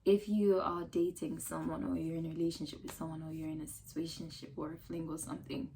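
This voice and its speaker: A woman with a Ghanaian accent giving casual advice to camera in an emphatic, animated way, full of rhetorical questions. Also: deep voice, fast talker, gravelly, a little hiss or hum. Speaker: lifestyle vlogger.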